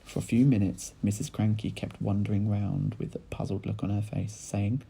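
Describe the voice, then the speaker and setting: Gravelly teacher reading a story. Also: male voice, fairly low pitch, moderate pace, poor audio. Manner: animated storytelling, addressing children. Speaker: primary school teacher reading aloud. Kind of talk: children's audiobook reading.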